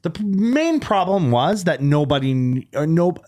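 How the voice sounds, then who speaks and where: A comedian as a podcast guest, chatting casually and telling animated stories, acting out quotes and swearing freely. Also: male voice, fairly high pitch, normal speed. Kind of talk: casual chat.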